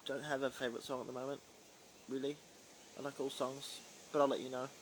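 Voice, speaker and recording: A man's voice: mid-range voice, little pitch movement, brisk, a little hiss or hum, rough recording. A young man, chatting casually on a livestream and answering viewer questions with lots of fillers and rambling asides. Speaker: drag performer answering fan questions on a livestream. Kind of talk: casual chat, reading and answering live comments.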